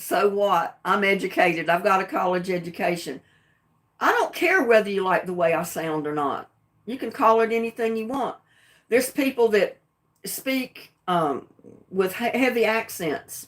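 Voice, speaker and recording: A middle-aged woman with a Southern US accent, talking plainly and defiantly on her own livestream. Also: mid-range voice. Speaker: livestream host. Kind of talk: casual livestream talk.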